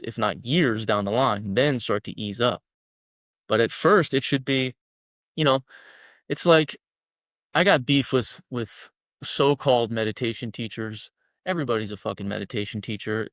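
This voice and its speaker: A man's voice: medium pitch, a bit bright, dry recording, clean studio sound. A man guest on a podcast, talking bluntly and emphatically, swearing freely as he makes his points. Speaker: guest, men's collective founder. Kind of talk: podcast interview talk.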